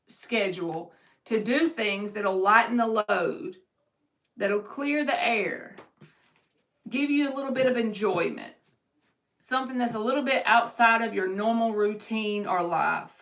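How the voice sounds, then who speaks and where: A woman's voice: medium pitch, measured pace, fairly bright tone. A woman giving a live-streamed tarot reading, reading viewers' comments aloud and answering them in an upbeat, encouraging way. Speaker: tarot reader.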